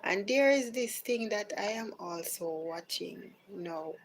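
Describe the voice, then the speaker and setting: A Jamaican woman hosting a live podcast, chatting casually and slipping into soft, near-whispered phrases. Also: medium pitch, lively intonation, unhurried, low-quality recording. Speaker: podcast host.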